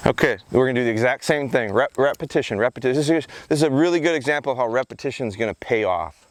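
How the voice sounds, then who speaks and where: A man talks through his training drills out in an open field, his voice at an ordinary middle pitch. He explains each step calmly between brief commands and praise. A faint outdoor hiss sits under the recording. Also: racing. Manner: alternates calm explanation with short commands and praise to a dog. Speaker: gun dog trainer. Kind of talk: outdoor training vlog, explaining while working the dog.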